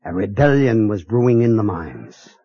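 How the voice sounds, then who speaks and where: A man's voice: lowish voice, very animated, normal speed, husky. A man narrating and hosting a comic radio play, with a dry, impatient manner. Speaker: narrator and host. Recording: dull lo-fi radio audio.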